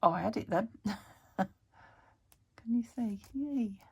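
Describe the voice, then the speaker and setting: A woman's voice: mid-range voice, expressive, takes it slowly, creaky, darkish tone, breathy edge. A British woman chatting to herself while crafting, thinking aloud and often dropping into a whisper. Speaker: craft vlogger. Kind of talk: casual narration while crafting.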